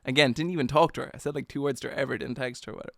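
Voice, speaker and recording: A man's voice: medium pitch, fairly even intonation, racing, gravelly, no echo, clean studio sound. A young man hosting a solo podcast, telling a story in a rambling, self-mocking way with lots of slang and fillers. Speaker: podcast host.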